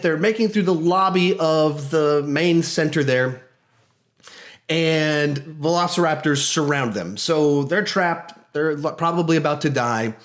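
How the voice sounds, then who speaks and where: This slightly high-voiced man reviews a film in an informal, lively way, brimming with enthusiasm. He often starts sentences over and performs quotes aloud.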